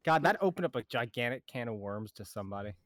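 A man co-hosting a podcast in casual chat, joking with dark humor and laughing a lot. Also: medium pitch, expressive, quick pace, dry recording. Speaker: podcast co-host.

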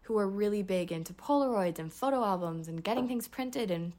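A woman's voice: medium pitch, animated, a little fast, darkish tone. A woman in her twenties hosting a podcast, giving a candid personal update in a chatty way and laughing often. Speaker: podcast host. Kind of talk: casual personal life update.

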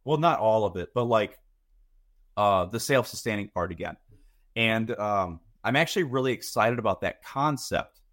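A man's voice: fairly low pitch, lively intonation, moderate pace, a bit bright. A man in his thirties, a podcast guest talking casually and rambling, often repeating words as he thinks. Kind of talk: casual chat.

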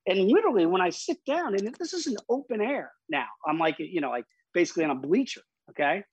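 A man's voice: high voice, big pitch swings, quick pace, slightly rough, dry recording, poor audio. A man, an interview guest, vividly retelling a personal story with emphatic restarts.

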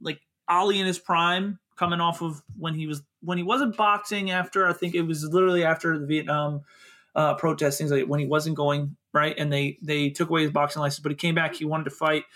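Excitable bright-voiced man from Philadelphia. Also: on the high side, brisk. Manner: excitable, laughs often, swears casually. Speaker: podcast co-host. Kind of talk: casual chat.

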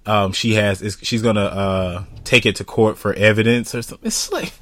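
A man co-hosting a podcast in casual, slangy chat, animated and quick to laugh, a little stuffy from sinus trouble. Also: lowish voice, no room sound. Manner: animated, laughs often, loose slangy talk. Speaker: podcast co-host.

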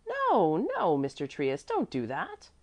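Earnest, fretful old housekeeper type, emphatic, with lively pitch swings, read by a woman. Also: moderate pace. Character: fussy, devoted older woman servant.

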